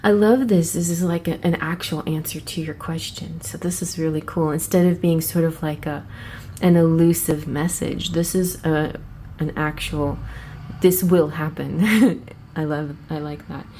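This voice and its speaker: Casual female host reviewing cards; gushing, rambling, warm-toned and low, slight background hiss. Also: measured pace. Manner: chatty and excitable, thinks aloud with restarts. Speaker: tarot channel host. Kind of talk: casual card flip-through review.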